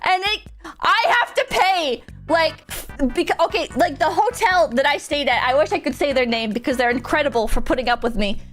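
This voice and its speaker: A young woman streamer telling a story casually, animated and swearing a lot, with bursts of shouting and laughter. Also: high-pitched, a little fast, soft background music.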